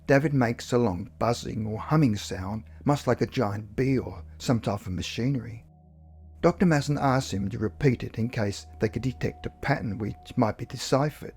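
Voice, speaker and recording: A man narrating a paranormal story in a measured, somber scripted reading. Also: mid-range voice, darkish tone, husky.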